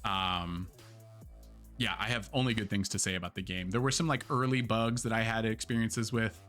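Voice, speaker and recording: A man talking through a casual live-stream game review in a bright, sharp, somewhat low voice. He is chatty and candid, with lots of ums, uhs and likes and an occasional swear word. Faint music plays behind him. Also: steady tone, moderate pace. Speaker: streamer and host.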